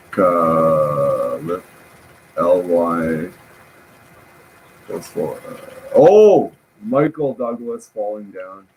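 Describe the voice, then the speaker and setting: A man with a low voice rambles at an unhurried pace, full of fillers and restarts. He swears often and pokes fun at himself in a loose vlog monologue. A faint room ambience sits under the voice. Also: slight background noise, rough recording. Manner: rambling, profane, self-mocking, many fillers. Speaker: vlogger.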